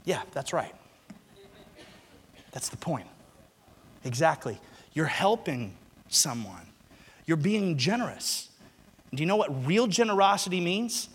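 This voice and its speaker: A man preaching a sermon to a congregation, moving from quiet teaching to loud, shouted passages and asking the room to repeat lines after him. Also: fairly high pitch, big pitch swings, unhurried, pauses often, breathy edge. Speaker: pastor. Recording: long hall reverb.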